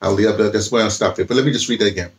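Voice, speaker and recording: A man's voice: fairly low pitch, steady tone, racing. A man chatting casually about books he has read, rambling and restarting often. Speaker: vlogger. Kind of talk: casual book talk with reading aloud.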